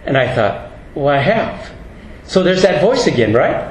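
A man's voice: fairly high pitch, very animated, a little slow, a little hiss or hum. A middle-aged man preaching a storytelling sermon as a pastor, folksy and earnest, acting out the voices he quotes. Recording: roomy hall with faint ambience.

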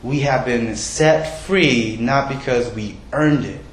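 A pastor preaches a sermon conversationally, often putting questions to the congregation and poking fun at himself. He speaks slowly in a mid-range voice, in an echoey room on a low-quality recording.

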